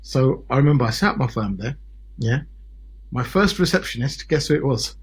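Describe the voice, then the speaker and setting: A man in his forties from Britain, a solicitor telling his story as a podcast guest in an animated way, often checking in with "yeah?" and "right?". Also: mid-range voice, normal speed, background noise. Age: 40s. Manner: animated, peppered with tag questions like "yeah?" and "right?". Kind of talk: casual podcast interview storytelling.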